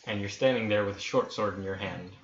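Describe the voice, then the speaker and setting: A man running a tabletop game, narrating scenes in a hushed, dramatic way. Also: fairly low pitch. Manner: slow, hushed dramatic storytelling. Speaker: dungeon master. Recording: roomy, dull lo-fi with faint hiss.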